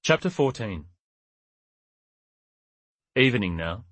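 A man narrating a crime novel audiobook in a steady, measured way. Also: on the low side, husky, dry recording. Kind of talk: scripted narration.

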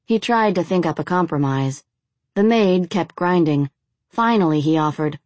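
A woman narrating audiobook excerpts in a measured, unhurried reading. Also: low voice, animated, darkish tone, no room sound. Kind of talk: scripted narration.

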